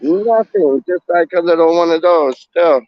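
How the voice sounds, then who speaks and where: A man's voice: a little high, a little slow, dull audio. A man with an East London accent hosting casual video chats with strangers, slangy and repetitive, hyping people up. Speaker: host chatting with strangers on video call.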